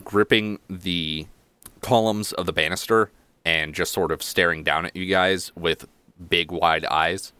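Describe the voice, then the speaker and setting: Low, smooth-voiced male game master. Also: measured pace, no echo. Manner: relaxed, descriptive narration. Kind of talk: narrating a tabletop game.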